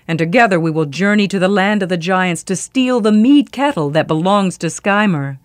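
Woman playing a hot-tempered male god, commanding, lively, storybook, dry sound. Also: mid-range voice, normal speed, no echo, close to an everyday voice.

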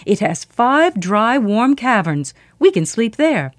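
A woman's voice: a little high, very animated, slow pace, no echo. A woman voicing a brave, respectful peasant boy in a storybook tale. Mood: earnest.

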